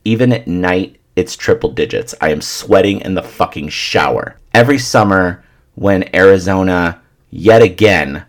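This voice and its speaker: A low-voiced man talks straight into his mic on his solo podcast. He rants about everyday things in a loose, profane, sarcastic way, like a host riffing in one take. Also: unhurried. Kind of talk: casual solo podcast monologue.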